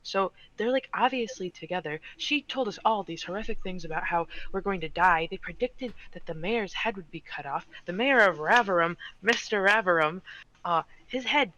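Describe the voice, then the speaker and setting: A man chatting casually as a player at a tabletop game, rambling with lots of fillers. His voice sits high and sounds bright. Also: moderate pace, muffled recording, a little hiss or hum. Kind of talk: casual chat.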